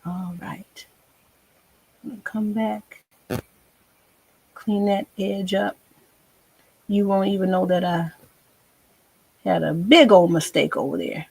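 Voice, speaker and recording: Woman art teacher, slow, husky, chatty while she paints, dry close sound. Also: medium pitch, fairly even intonation, darkish tone, no echo. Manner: chatty, talks to herself while painting, folksy. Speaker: painting instructor. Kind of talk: casual painting tutorial.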